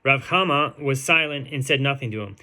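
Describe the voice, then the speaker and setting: A man with a bright, forward voice at an ordinary pitch teaches a daily Talmud page. He reads the translated text steadily, drawing out Hebrew and Aramaic words slowly and filling pauses with ums and uhs. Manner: reads translated text aloud, slowing to sound out Hebrew and Aramaic terms, with fillers. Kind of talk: reading and explaining a Talmud page.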